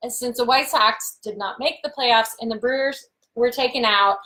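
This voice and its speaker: A woman's voice: a little high, moderate pace, bright, forceful tone, poor audio. A woman in her thirties co-hosting a casual live-stream chat, bubbly and reading viewer comments aloud. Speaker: co-host.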